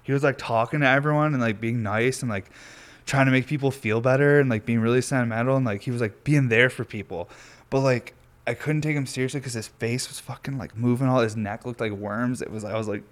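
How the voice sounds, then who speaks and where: A man's voice: medium pitch, quick pace. Rambling laid-back young man. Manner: rambling, loose, laid-back, swears a lot, heavy use of "like". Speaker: vlogger. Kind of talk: casual storytelling monologue. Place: at home near a garage, windy outside.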